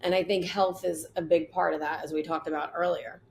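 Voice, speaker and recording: A woman with a somewhat low voice who co-hosts a relaxed interview. She asks encouraging, reflective questions. A faint hiss runs underneath. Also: brisk, gravelly. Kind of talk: casual interview chat.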